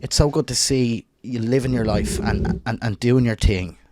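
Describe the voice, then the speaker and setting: A man's voice: medium pitch, moderate pace, background noise. An Irish man co-hosting a podcast in casual chat, emotional and rambling, swearing freely and stumbling over his words. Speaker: podcast co-host.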